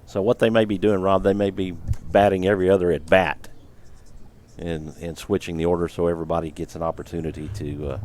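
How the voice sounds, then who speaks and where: A man giving relaxed, explanatory color commentary on a baseball game. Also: low voice, a little fast.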